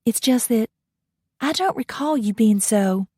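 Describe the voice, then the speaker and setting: A woman's voice: fairly high pitch, expressive, unhurried, a little mellow, slightly rough, no room sound, studio quality, pitched above the performer's own voice. A woman voicing a prim, sweet Southern belle vampire barmaid with a Southern accent and a sugary drawl. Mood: wistful. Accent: American Southern.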